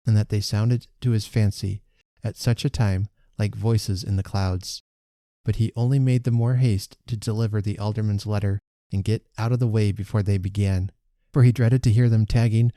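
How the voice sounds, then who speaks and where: A man who hosts a podcast, reading a classic story aloud in a calm, measured way. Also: lowish voice, dry recording, studio quality. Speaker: podcast host reading a book. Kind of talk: audiobook-style narration.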